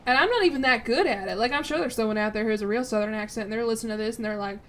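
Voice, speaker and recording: A young woman from Chicago, chatting casually and rambling as she streams, quick to laugh. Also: on the high side. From Chicago, United States. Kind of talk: casual chat while streaming.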